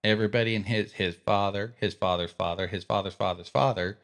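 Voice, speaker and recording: A man with a Texan accent, co-hosting a casual faith podcast and retelling a movie scene with animated storytelling. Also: fairly low pitch, fairly quick. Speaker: podcast co-host.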